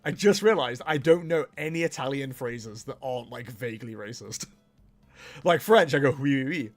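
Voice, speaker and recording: A man's voice: mid-range voice, lively intonation, normal speed, faint music behind. A young man chatting casually on a livestream while he plays, laughing often and poking fun at himself. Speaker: streamer.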